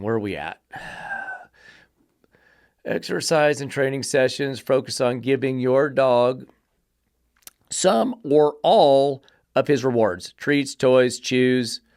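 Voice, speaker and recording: A man's voice: mid-range voice, a little mellow, clean tone, no echo, studio quality. A man hosting a dog-training podcast, reading an article aloud and picking it apart with exasperated, profane sarcasm. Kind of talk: podcast rant reviewing an article.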